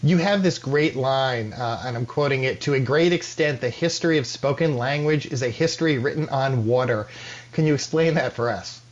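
A man hosting a radio interview, reading out a measured introduction and asking questions. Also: mid-range voice. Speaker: radio show host. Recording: dull lo-fi radio sound.

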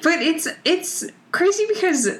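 A woman co-hosting a podcast over a remote call, retelling a TV episode in an animated, chatty way. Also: extremely high pitch, measured pace. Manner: chatty, animated retelling with lots of "like" and quoted lines. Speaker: podcast co-host recapping a TV show. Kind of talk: casual chat.

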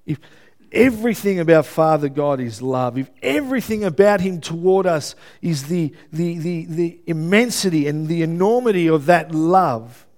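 A man's voice: on the high side, expressive, moderate pace, darkish tone. Earnest man preaching a conversational sermon. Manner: earnest, checks in with the congregation with "yeah?"; builds intensity, stumbles and repeats himself when moved.

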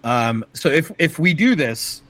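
A man co-hosting a podcast, talking sports in a casual, excited way, halting often with fillers and restarts. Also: a little high, poor audio. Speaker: podcast co-host.

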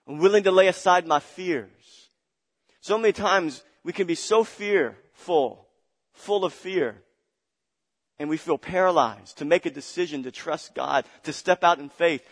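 Man preaching in a reverberant hall. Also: fairly high pitch. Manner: preaching with rising passion, repeating phrases and calling on the congregation. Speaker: pastor. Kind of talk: sermon.

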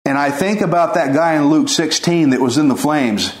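A man's voice: fairly high pitch, moderate pace. A man preaching an informal sermon, earnest and pleading, with folksy chuckles. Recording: echoey room.

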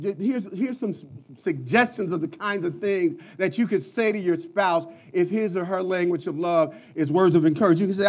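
A man preaches in a high voice with passion. He repeats phrases and swings from quiet asides to sudden loud bursts. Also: expressive, brisk. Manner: impassioned preaching with repetitions and sudden loud peaks. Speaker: pastor. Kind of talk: sermon.

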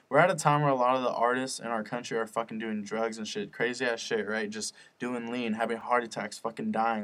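A man's voice: medium pitch, steady tone, a little fast, fairly bright tone. A young man hosting his own podcast, rambling and swearing often, earnest and fired up about spreading positivity. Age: young adult. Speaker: podcast host. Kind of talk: casual solo podcast rant.

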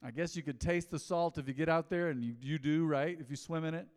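A middle-aged male pastor preaching a sermon, swinging from soft pleading to loud calls that get the congregation repeating after him. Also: fairly high pitch, fairly quick. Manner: animated preaching, rising and falling dynamics, calls to the congregation. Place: large church hall. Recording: long hall reverb.

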